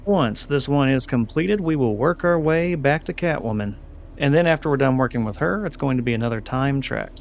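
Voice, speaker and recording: A man's voice: mid-range voice, lively intonation, brisk, gravelly, slight background noise. A man giving casual, chatty commentary over his gameplay, rambling and self-deprecating. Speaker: gaming channel host.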